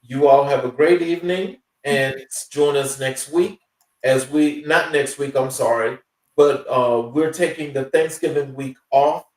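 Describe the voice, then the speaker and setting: A man hosting a talk show, wrapping up the episode in a halting way, full of fillers and restarts. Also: mid-range voice, darkish tone, reverberant, far from the mic, rough recording. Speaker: show host. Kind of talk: casual show wrap-up.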